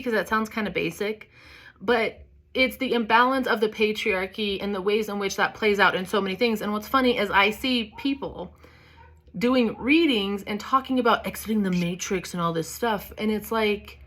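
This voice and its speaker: A woman's voice: mid-range voice, normal speed, a bit bright. A woman giving a casual spiritual reading, chatty and candid, swearing freely and filling her talk with "like" and "you know". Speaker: tarot reader.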